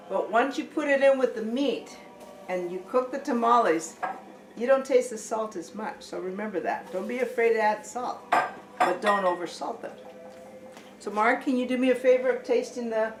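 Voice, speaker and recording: A middle-aged woman giving a casual cooking demonstration at home, chatty and often pausing to say okay and correct herself. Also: on the high side. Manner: chatty, keeps saying okay, corrects herself mid-sentence. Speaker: home cook teaching a family recipe. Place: home kitchen. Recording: echoey room, distant mic, faint hiss.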